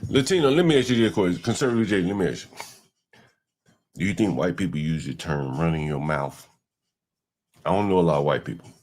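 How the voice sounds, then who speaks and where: A man's voice: deep voice, lively intonation, brisk, pauses often, darkish tone. A man hosting a livestream, giving blunt, slangy reaction commentary and talking back at clips. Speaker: livestream host.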